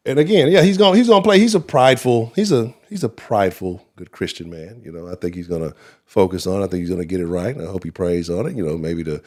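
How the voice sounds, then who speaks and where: Rambling, profane Texan sports host. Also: male voice, lowish voice. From Texas. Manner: profane, rambling, laughs often, talks to chat. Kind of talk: casual live-stream sports talk.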